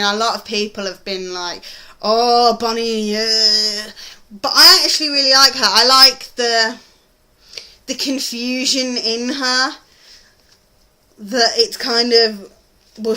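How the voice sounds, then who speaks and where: A woman's voice: on the high side, bright, forceful tone. A British woman chatting casually in a TV review vlog, rambling and gushing with frequent ums. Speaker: TV review vlogger.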